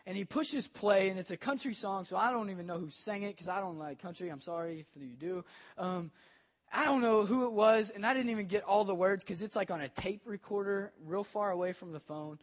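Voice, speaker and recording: A young adult man preaching a sermon, telling a personal story with lively swings between quiet and loud. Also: high-pitched, brisk. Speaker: pastor.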